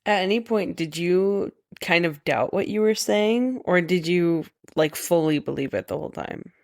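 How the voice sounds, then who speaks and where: A woman hosting a podcast interview, asking gentle, attentive questions. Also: on the low side, animated, moderate pace, creaky. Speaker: podcast host. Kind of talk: conversational interview.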